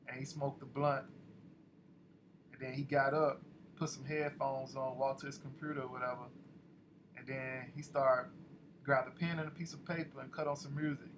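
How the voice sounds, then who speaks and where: A man's voice: medium pitch, a bit bright, slight background noise, poor audio. A man narrating a story in a loose, slangy, conversational way. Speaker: audiobook narrator.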